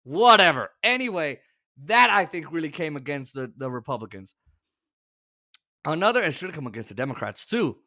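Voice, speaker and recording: Sarcastic and exasperated, a man hosting a political talk show pushes his opinions hard and suddenly bursts into shouting. He talks slightly high and slightly fast, with wide swings in pitch.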